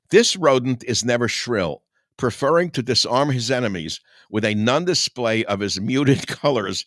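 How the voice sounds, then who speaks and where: A man's voice: medium pitch, a bit bright, no room sound, studio quality. An older man, a talk host, reading his own satirical writing aloud with combative, sarcastic asides and chuckles.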